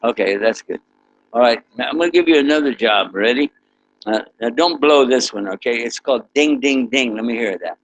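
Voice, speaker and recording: Speaking fairly quickly at a medium pitch, this Islamic preacher addresses students over slight background noise in a low-quality recording. He animates an interactive story, getting his listeners to join in with sound effects and asking them questions.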